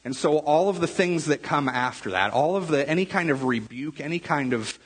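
Male pastor, chatty sermon delivery, husky voice, long church-hall reverb. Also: a little high, lively intonation, normal speed. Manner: conversational, repeats words, asks the room "right?". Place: church sanctuary.

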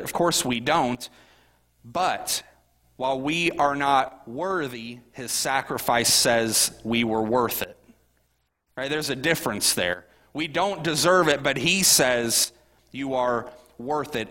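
A middle-aged pastor preaches in a large hall, his mid-range voice pushed and bright. His sermon has a conversational feel, and he frequently puts questions to the congregation.

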